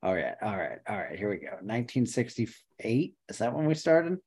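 Guy cohosting a hockey-ish podcast, low voice that jumps all over, cusses a lot, mutters while he looks stuff up. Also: normal speed, husky. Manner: excitable, swearing, muttering while searching. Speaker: podcast co-host. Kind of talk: casual chat.

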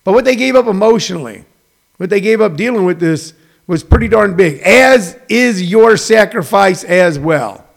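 A man hosting a show, talking in an animated, rambling way with lots of fillers as he gives his opinions. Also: high voice, moderate pace, gravelly. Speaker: host. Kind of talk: casual opinion commentary.

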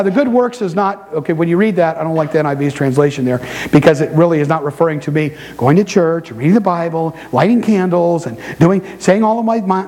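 Male pastor, high-pitched, animated preaching with storytelling asides. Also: low-quality recording. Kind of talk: sermon. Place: church sanctuary before a congregation.

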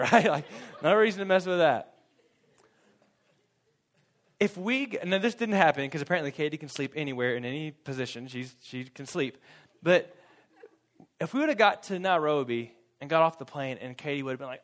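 A man's voice: fairly high pitch, moderate pace, long pauses. A young man preaching a sermon, telling a funny personal story with frequent laughter and acted-out quotes. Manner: animated storytelling, laughs often, acts out quotes.

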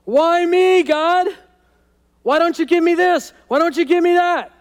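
A man's voice: extremely high pitch, measured pace, voice pushed up. A man voicing a self-pitying churchgoer who whines and questions everything. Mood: whiny. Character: whiny complaining churchgoer man.

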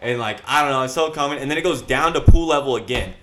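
A young man telling a story in a casual chat, swearing freely and acting out his panic with loud shouts. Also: mid-range voice, fast, slight background noise. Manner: profane, animated storyteller with shouted reenactments.

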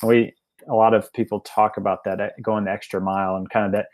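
Guy with a lowish voice telling a story in an interview, lots of uhs and restarts, dry close sound. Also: flat delivery, quick pace, darkish tone, no echo. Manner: rambling, many restarts and fillers. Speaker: guest, family member of a restaurant chain.

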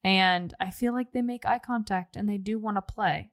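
A woman's voice: mid-range voice, normal speed, no room sound, studio quality. A young woman co-hosting a podcast in a chatty, laughing, self-deprecating way. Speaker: podcast co-host. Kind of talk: casual podcast chat.

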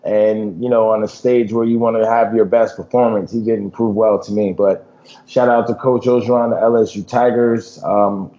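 A man's voice: fairly low pitch, moderate pace, dull audio. Laid-back man talking football. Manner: relaxed, lots of "you know" and "man". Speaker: podcast co-host, former football player. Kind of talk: casual sports chat.

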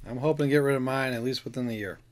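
A man's voice: mid-range voice, rapid-fire. A man in casual chat, adding short, dry remarks.

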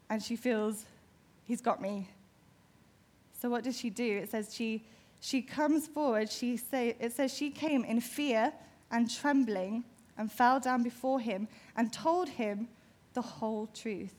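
A woman giving a sermon, retelling a Bible story vividly and imaginatively. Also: fairly high pitch. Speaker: preacher.

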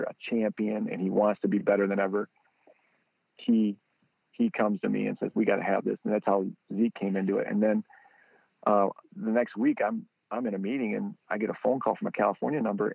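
Gravelly man telling an animated story. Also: no room sound. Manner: animated storyteller, acts out quotes in a higher voice. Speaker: guest, football training product founder. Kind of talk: casual storytelling interview. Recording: tinny phone-line audio.

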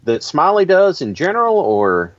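A man hosting a casual chat, telling stories with lively energy and frequent laughs. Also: on the high side, normal speed, no room sound, muffled recording. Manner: animated storytelling, laughs often.

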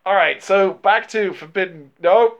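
Male podcast co-host, slightly high voice, swears a lot and laughs easily. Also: measured pace, highs cut off, a little hiss or hum. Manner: profane, animated, laughs often. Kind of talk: casual film review chat.

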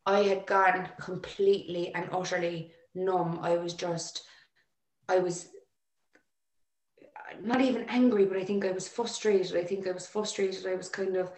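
A woman telling a personal story in an emotional, halting way with many restarts. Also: lowish voice, steady tone, darkish tone. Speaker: interview guest. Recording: echoey room.

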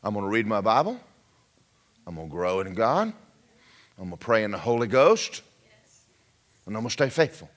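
A man's voice: fairly low pitch, big pitch swings, moderate pace, pauses often, a bit bright. A middle-aged man preaching a sermon, calling out questions to his congregation. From Georgia, US. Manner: preaching with call-outs to the congregation. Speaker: pastor.

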